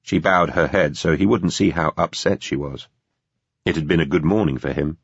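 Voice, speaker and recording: Deep, husky male narrator. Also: normal speed, no room sound, lo-fi sound. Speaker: audiobook narrator. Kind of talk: scripted narration.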